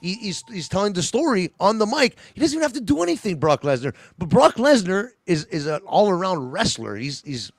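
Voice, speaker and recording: A man's voice: high voice, very animated, brisk, few pauses, no echo, clean studio sound. A man co-hosting a podcast, chatting casually and animatedly, often repeating himself. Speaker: podcast co-host. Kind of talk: casual chat on a video call.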